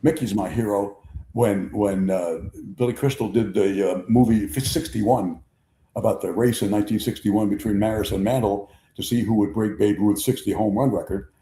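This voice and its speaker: An older man hosts a sports show, telling long anecdotes with a lowish, mellow voice. He acts out the quotes as he goes. The sound is roomy and echoey. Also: normal speed. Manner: animated raconteur, acts out quotes. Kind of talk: casual sports storytelling. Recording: echoey room.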